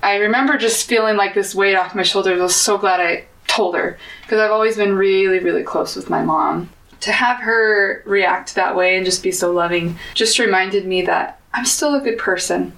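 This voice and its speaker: A woman's voice: mid-range voice, moderate pace, vocal fry, fairly bright tone, recorded from a distance. A young woman, an interview guest, telling a personal story in an earnest, open way. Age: young adult. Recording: echoey room, voice a bit off-mic.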